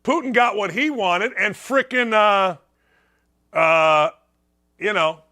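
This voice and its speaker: A middle-aged man hosting sports talk, riffing sarcastically and reading viewer comments aloud. His voice sits high and bright, with a sharp, forceful edge. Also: slow. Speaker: sports talk show host.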